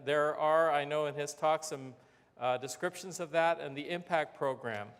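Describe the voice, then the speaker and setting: Guy introducing next speaker, kinda high voice, friendly, echoey hall. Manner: friendly, informal, hesitant. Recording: lecture hall reverb.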